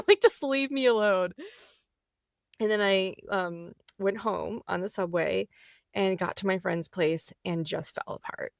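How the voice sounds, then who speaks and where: A woman hosting her own podcast, telling a personal story candidly, animated and laughing often as she acts out the people in it. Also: lowish voice, gravelly, no room sound, studio quality. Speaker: podcast host.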